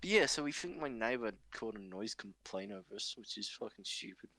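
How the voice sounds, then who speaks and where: A man's voice: lowish voice, expressive, fairly quick, pushed and bright, no room sound. A young man hosting a podcast, telling stories in a rambling, swear-filled casual chat with frequent laughs. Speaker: podcast host.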